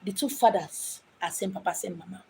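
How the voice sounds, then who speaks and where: A woman's voice: medium pitch, a little fast, gravelly, dark tone, a little hiss or hum. A woman from Abia State in Nigeria with a Nigerian accent, a spiritual medium speaking in an impassioned, dramatic monologue. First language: Igbo. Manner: dramatic, acts out quoted voices. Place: home in Lagos.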